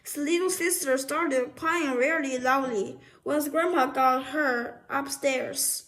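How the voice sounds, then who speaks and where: Slow, high-voiced woman reading a children's story. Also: fairly bright tone. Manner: stumbles and restarts words.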